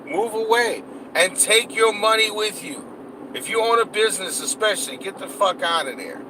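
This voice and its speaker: A man's voice: high voice, normal speed, noisy background. A man delivering a heated, profanity-laced rant, cursing and repeating himself as he vents. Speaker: political vlogger.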